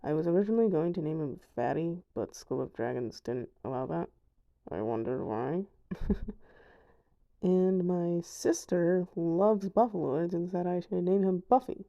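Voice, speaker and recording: A woman's voice: fairly low pitch, a little slow, creaky, mellow, dull audio. A young woman giving a casual voice-over of a video game, chatty with self-deprecating asides. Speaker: gamer showing her dragons.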